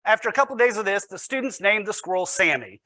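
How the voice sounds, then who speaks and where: A man's voice: sits high, expressive, fast, pushed and bright, no room sound. A man, a teacher, giving a storytelling presentation with wry, self-deprecating humor.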